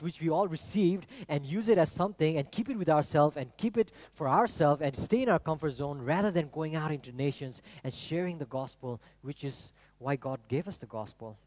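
A man preaching a sermon to his congregation, animated and rhetorical, asking them questions. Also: a little high, no echo. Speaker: pastor. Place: church.

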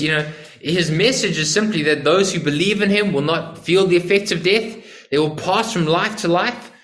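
A man's voice: on the high side, a bit bright. A male preacher giving an earnest sermon, explaining a passage and asking emphatic rhetorical questions. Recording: echoey room.

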